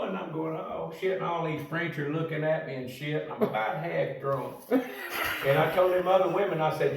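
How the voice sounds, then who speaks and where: An older man with a drawl spins a casual yarn, cussing freely and talking plain folksy. His voice sits a little high for a man. He sounds set back from the mic in a very echoey room. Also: moderate pace, gravelly. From United States. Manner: salty, profane, folksy. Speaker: storyteller. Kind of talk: casual storytelling. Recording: roomy echo from a distant mic.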